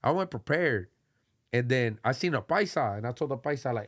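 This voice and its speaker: A man hosting a casual podcast, telling a lively street story in heavy slang and acting out what people said. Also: mid-range voice, brisk. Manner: animated, streetwise slang, acts out quotes. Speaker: podcast host.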